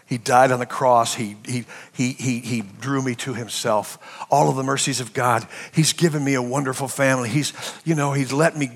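Gravelly preacher man, shouting then hushed. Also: medium pitch, steady tone, moderate pace. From United States. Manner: impassioned preaching, swinging from shouts to hushed tones. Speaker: pastor. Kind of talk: sermon.

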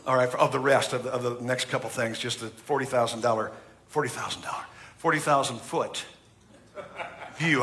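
A middle-aged American pastor preaches a sermon in a chatty, humorous way, acting out what people say. His voice sits on the high side, bright and forceful.

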